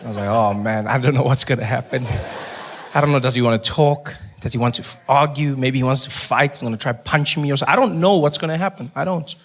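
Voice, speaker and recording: A young adult man with a South African accent telling a stand-up story, animated and self-mocking with quick asides. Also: medium pitch. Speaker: stand-up comedian. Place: comedy stage before an audience.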